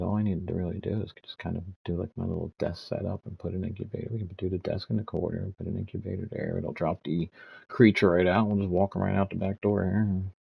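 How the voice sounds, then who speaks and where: Gravelly deep-voiced man in his fifties. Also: highs cut off. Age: 50s. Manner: ranting, swearing storyteller. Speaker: gaming streamer. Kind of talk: casual stream chat.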